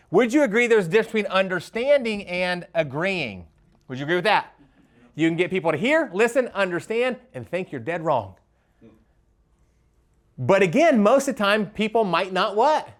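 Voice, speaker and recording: A man giving a live leadership workshop, animated, asking the audience questions and stumbling over quick restarts. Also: sits high. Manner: animated, asks the crowd questions, stammers on restarts. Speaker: leadership speaker.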